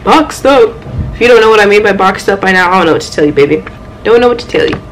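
A young woman chatting casually at home about her manga haul, excitable and playful, with loud exclamations and quick asides. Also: medium pitch, a little hiss or hum, rough recording. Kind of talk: casual chat.

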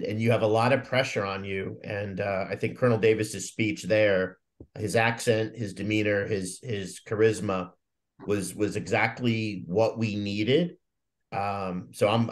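A middle-aged man, a retired Marine officer on a podcast, speaking in an earnest, reflective way with many fillers. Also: lowish voice.

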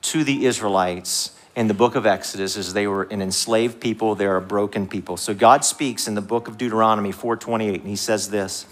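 A male pastor preaching a sermon in a church, conversational and animated, rising high for emphasis and dropping to a hushed voice. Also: a little fast, few pauses. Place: church sanctuary.

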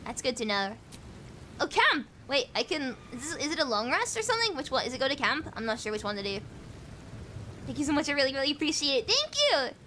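British woman gamer, chatty and excitable, high bright voice with lots of pitch swing. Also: fast talker, slight background noise. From Britain. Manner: chatty, excitable, thinking aloud. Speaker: streamer. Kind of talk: casual gameplay commentary.

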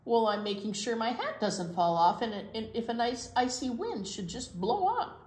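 A woman's voice: a little high, animated, normal speed, a little mellow, lightly acted. A woman voicing a proud, stubborn little male hedgehog who insists on his point, heard in an echoey room. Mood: indignant. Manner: indignant, insistent.

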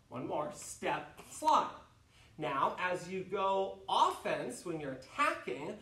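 A man leading an online martial arts class, explaining stances and shouting counts and drill commands. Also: high voice. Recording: roomy echo, mic far off.

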